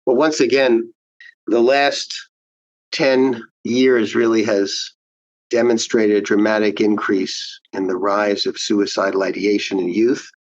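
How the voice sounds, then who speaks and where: A man, a child psychiatrist, giving measured, explanatory answers in an interview. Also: fairly low pitch, flat delivery, no room sound, dull audio.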